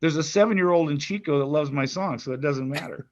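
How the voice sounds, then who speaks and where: An older man, a grandfather and musician appearing as a guest, chats casually in an interview, rambling with restarts and stammers. His voice is fairly high and quick, and the recording has its highs cut off.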